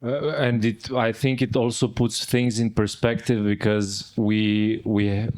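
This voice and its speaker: A man's voice: fairly low pitch, level tone, measured pace, darkish tone. A man, a father, speaking earnestly and casually in a conversation, now and then adding "man". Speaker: father in a spiritual community.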